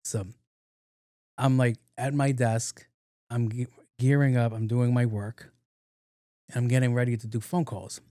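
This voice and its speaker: A middle-aged man, hosting a podcast and telling casual stories, profane and animated, laughing often. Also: mid-range voice, unhurried, long pauses, dry recording, studio quality. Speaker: podcast host. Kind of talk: casual storytelling monologue.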